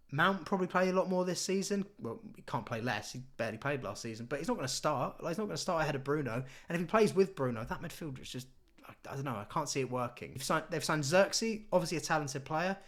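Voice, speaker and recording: Brief: young male vlogger, sarcastic and animated, lively fairly high voice. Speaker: football YouTuber. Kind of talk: casual opinion vlog.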